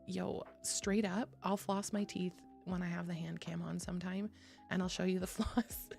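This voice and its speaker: A woman's voice: lowish voice, little pitch movement, normal speed, creaky, a little mellow. A young woman streaming, chatting casually with her viewers, swearing freely, laughing often and reading chat aloud. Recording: faint music behind.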